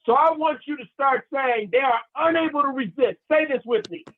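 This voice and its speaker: A man giving a motivational talk, animated and preacherly, leading his listeners in call and response and telling stories. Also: extremely high pitch, a little fast. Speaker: motivational speaker. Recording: tinny phone-line sound.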